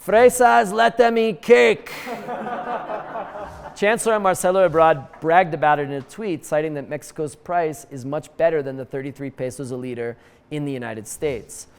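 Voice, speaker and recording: Wry male news-show host, higher voice. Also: big-room sound, a little hiss or hum. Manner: wry, jokey asides with quick put-on voices. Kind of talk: comedic news monologue.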